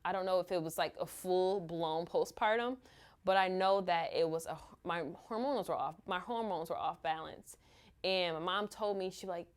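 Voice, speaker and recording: Woman, lower voice, mother recounting hard times, candid and halting. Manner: halting, open, full of "like" and "you know". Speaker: mother sharing her experience. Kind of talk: candid personal storytelling.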